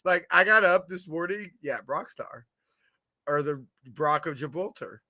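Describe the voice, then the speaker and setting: A man hosting a fan podcast in a casual livestream chat, excitable and giggly with lots of slang, on a computer camera mic. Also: high voice, unhurried, dry recording.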